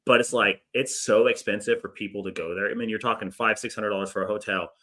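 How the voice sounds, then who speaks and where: Low, bright-voiced guy chatting sports. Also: fairly even intonation, quick pace. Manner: laid-back, profane, laughs through stories. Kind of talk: casual sports chat.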